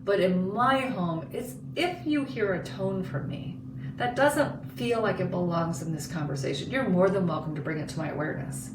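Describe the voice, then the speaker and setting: A woman's voice: fairly low pitch, moderate pace. A woman in her forties, co-hosting a podcast, telling a candid personal story and acting out the voices in it. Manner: expressive, acts out quoted dialogue. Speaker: podcast co-host. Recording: roomy, distant mic with background noise.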